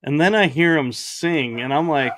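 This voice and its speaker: Man hosting, lively and enthusiastic. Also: a little high, moderate pace, no echo. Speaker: podcast host. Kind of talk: casual interview chat.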